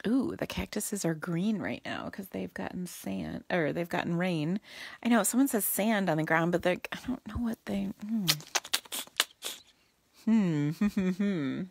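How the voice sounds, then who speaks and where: A woman's voice: lowish voice, expressive, measured pace, vocal fry, a little mellow, a little hiss or hum. A woman hosting a casual live card-making demo, chatty and goofy, talking to viewers and muttering to herself as she works.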